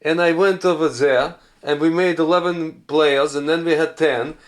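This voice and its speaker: A man's voice: fairly high pitch, fairly even intonation, moderate pace, close to an everyday voice. A man putting on a pompous football manager with a mock Portuguese accent. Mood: boastful. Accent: mock Portuguese-accented English. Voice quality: choppy broken English, exaggerated.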